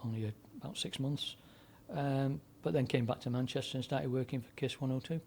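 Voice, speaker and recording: A creaky, darkish, mid-range voice belongs to a man in his seventies who used to be a DJ and broadcaster. Talking a little fast, he rambles through lengthy anecdotes with frequent fillers and restarts. A little hiss or hum is present.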